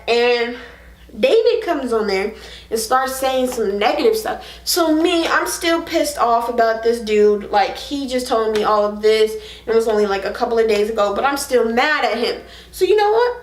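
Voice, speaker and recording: Animated young woman vlogger, echoey room. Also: a little high, moderate pace. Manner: animated, frank, heavy on fillers. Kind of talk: casual storytime to camera.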